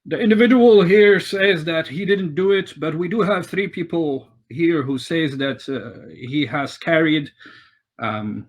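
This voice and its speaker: A man's voice: fairly high pitch, unhurried, voice pushed up. A man voicing a fussy, pompous older male town master who blusters and gets touchy about his authority. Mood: blustering. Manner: blustering, self-important.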